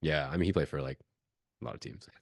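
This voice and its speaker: A man's voice: a bass voice, steady tone, fast, a little mellow, dry recording. A young man as a podcast guest, talking in a laid-back, casual way and swearing freely.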